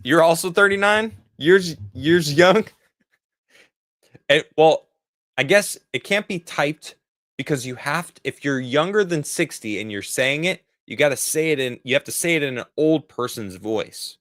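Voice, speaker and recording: A man's voice: medium pitch, expressive, normal speed, a bit bright, no room sound, studio quality. A man in his forties, rambling in a casual livestream as he answers viewer chat, often laughing. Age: 40s. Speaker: streamer reading viewer chat.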